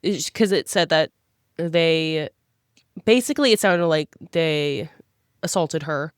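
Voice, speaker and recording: Animated woman chatting on a podcast. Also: low voice, clear, resonant tone, no room sound, clean studio sound. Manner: animated, acts out characters' lines in quick voices. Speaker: podcast co-host. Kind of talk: casual book club chat.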